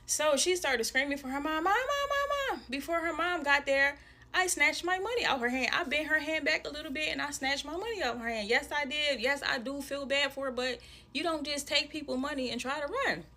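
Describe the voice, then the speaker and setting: A woman telling a personal story in an animated, slangy, casual way. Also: high voice, fairly quick. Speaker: storyteller in a viral video.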